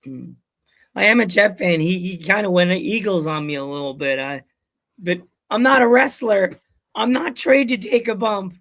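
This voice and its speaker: Podcast host, male, gravelly and a touch high, loose rambling banter. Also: lively intonation, moderate pace, fairly bright tone. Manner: rambling, jokey storytelling. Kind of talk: casual chat.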